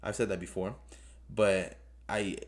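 Man, low voice, hosts his own podcast; rambles unscripted, earnest and repetitive; English as a second language. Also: flat delivery, measured pace. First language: not English. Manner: rambling, talks off the cuff; earnest, pleading, repeats himself. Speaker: podcast host. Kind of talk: casual solo podcast review.

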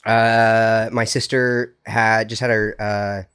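A man's voice: lowish voice, little pitch movement, takes it slowly, a bit bright, clear, resonant tone, no room sound, studio quality. A man co-hosting a podcast in casual chat, rambling with lots of fillers and frequent laughs, a little sick. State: slightly sick, may cough. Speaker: podcast co-host.

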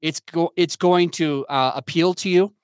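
A young man with a voice pitched a little high speaks earnestly and openly, often starting over as he searches for the right words. The sound is dry and close, with no room around it. He comes across as reflective and hard on himself. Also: steady tone, a little slow, smooth, no room sound. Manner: earnest, searching, self-critical, restarts often. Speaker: podcast guest, entrepreneur and father. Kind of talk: candid reflective podcast talk.

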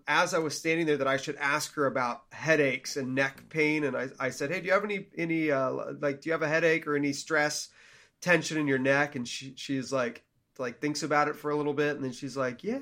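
An animated young man is telling a story on a casual podcast. His voice sits a little high, and he slips into the voices of the people he quotes. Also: fairly quick. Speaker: podcast co-host.

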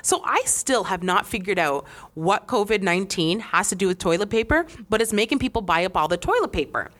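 Young adult woman, podcast co-host, casual slangy chat, playful, mid-pitched voice. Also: brisk. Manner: animated, slangy, playful asides.

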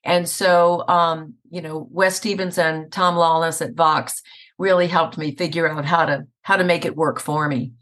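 A woman's voice: low voice, fairly even intonation, unhurried, a bit bright. A middle-aged woman voice actor chatting in an interview, telling stories and laughing often. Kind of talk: casual interview conversation. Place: Atlanta area.

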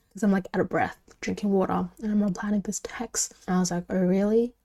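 A woman's voice: medium pitch, flat delivery, fairly quick, vocal fry, mellow. A young woman telling a story in a casual podcast, chatty, with lots of "like" and asides that drop to a whisper. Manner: chatty, heavy use of "like", drops into whispers. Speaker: podcast host.

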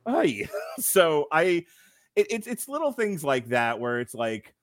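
Man, podcast co-host, casual chat, lively swooping pitch, laughs a lot, acts out lines. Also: slow pace, dry recording, studio quality. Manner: animated, laughs often, acts out quotes. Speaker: podcast co-host reviewing a film.

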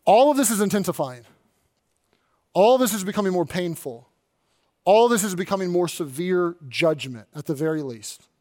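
A man, the pastor, preaching an animated sermon and acting out quoted voices along the way. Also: high voice, moderate pace.

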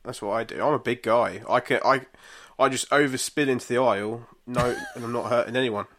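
Bright-voiced laid-back British man. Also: mid-range voice, fairly quick. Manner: relaxed, laid-back, swears casually. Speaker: podcast co-host. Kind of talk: casual podcast chat.

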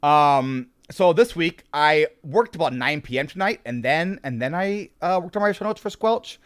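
Male podcast host, slightly high pitch, dead-dry read, chatty and rambling. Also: expressive, normal speed, clean tone, dry recording. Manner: upbeat, rambling with many fillers and restarts. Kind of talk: casual podcast chat.

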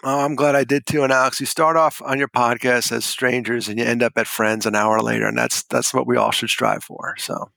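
Middle-aged man, podcast guest, gravelly voice, fairly high pitch, jokey, dry close sound. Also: level tone, a little fast, hardly any pauses, pushed and bright, no echo. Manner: upbeat, jokey storytelling. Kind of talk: casual conversation.

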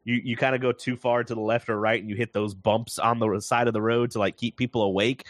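A man in casual chat recapping a movie, animated and laughing often as he acts out lines. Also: mid-range voice, a little fast, no room sound.

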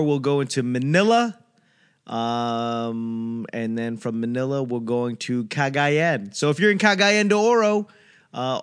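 A man's voice: medium pitch, smooth. A young man hosting a podcast, talking in a rambling, joking, casual monologue with some swearing.

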